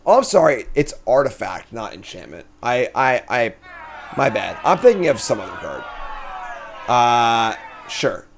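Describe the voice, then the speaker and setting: Animated male card-game streamer. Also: mid-range voice, measured pace, gravelly, slight background noise. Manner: chatty, thinks aloud, animated swings in energy. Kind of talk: casual gameplay commentary.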